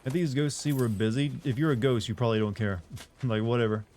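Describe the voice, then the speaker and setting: A man's voice: mid-range voice, a little fast, a little mellow, a little hiss or hum. Rambling young man with a faint Southern lilt. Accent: subtle Southern US. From American South. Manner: rambling, chatty, self-deprecating. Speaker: streamer. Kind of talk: casual gameplay commentary.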